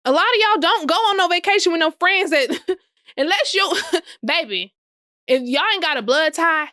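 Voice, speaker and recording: This is a young woman hosting a solo podcast, her high-pitched voice animated, pushed and bright at a normal speed. The casual monologue is sassy, full of profanity and frequent laughter, and the audio is dry and close with nearly no room echo.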